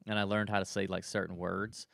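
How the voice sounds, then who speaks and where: Deep and gravelly yet fairly bright, this male co-host's voice stays level as he talks briskly. He rambles chattily through stories on a casual podcast, restarting often, and the clean studio recording is dry.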